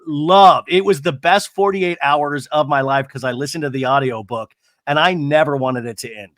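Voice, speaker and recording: A man's voice: on the high side, moderate pace, a bit bright, no echo, clean studio sound. A man hosting a podcast in a casual interview chat, talking chattily and with enthusiasm, with plenty of ums and uhs. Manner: chatty and enthusiastic, many fillers. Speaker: podcast host.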